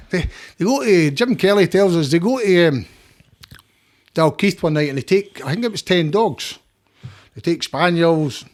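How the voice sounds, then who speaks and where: A Scottish man talks in a fairly high voice as a podcast guest. His story rambles, with stumbles, repeated words and freely dropped swearing, all in a loose, casual way.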